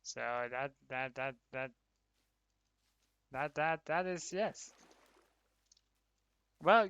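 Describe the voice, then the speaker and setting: Male streamer, slightly high voice, tense and bright tone, casual commentary to chat. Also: clear, resonant tone. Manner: chatty, talks to viewers, laughs often. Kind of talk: casual livestream commentary while gaming.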